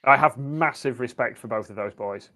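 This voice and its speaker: A man sits in as a podcast guest and chats in a relaxed, conversational way. His pitch sits in an ordinary middle range. He makes wry, dryly humorous remarks as he talks. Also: moderate pace. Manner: easygoing, wry and chatty with a dry humour. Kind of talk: casual interview chat.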